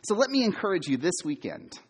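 A middle-aged man preaching a sermon, quizzing his listeners and repeating key words for emphasis, sometimes loud and sometimes hushed. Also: high voice, huge pitch swings, fast talker, slightly rough. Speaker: preacher, former campus minister.

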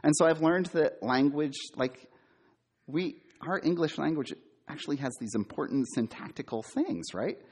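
A middle-aged man preaching a sermon, quizzing his listeners and repeating key words for emphasis, sometimes loud and sometimes hushed. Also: on the high side, moderate pace, husky. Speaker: preacher, former campus minister.

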